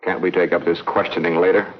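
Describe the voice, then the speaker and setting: A man playing a relaxed, wisecracking hero who speaks up for a suspect, in a 1950s radio drama. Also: low-pitched, fairly quick, close to an everyday voice. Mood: reassuring. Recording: dull lo-fi 1950s recording.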